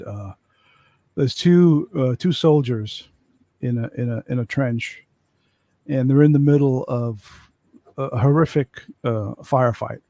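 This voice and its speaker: A man's voice: mid-range voice, mellow, no room sound. A man in a casual chat telling a long joke, restarting his phrases as he goes. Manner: storytelling with repeated restarts.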